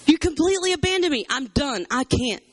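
A man's voice: very high voice, normal speed, fairly bright tone, pitched above the performer's own voice. A man voicing the heartbroken prophet Jeremiah. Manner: pleading, raw, heartbroken. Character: anguished male prophet crying out to God.

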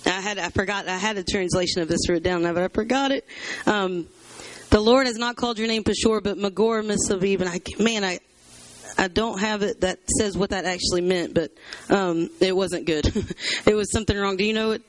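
A man's voice: sits high, fairly even intonation, brisk, fairly bright tone, a little hiss or hum. A man teaching a Bible study to a church group in a chatty, conversational way, with many fillers. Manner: conversational, chatty, fills with "you know" and "um".

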